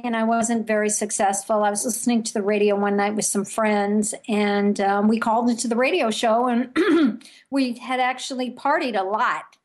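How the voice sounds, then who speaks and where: Animated woman telling stories. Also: fairly high pitch. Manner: animated storyteller, energetic. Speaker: media expert guest. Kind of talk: interview conversation.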